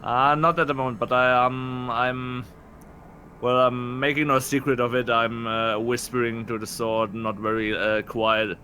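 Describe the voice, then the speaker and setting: A male player in a tabletop role-playing game speaks hesitantly, often pausing to search for his words. His voice is bright and forceful. His pace is slow. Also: mid-range voice, level tone, slight background noise. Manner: hesitant, many fillers and restarts.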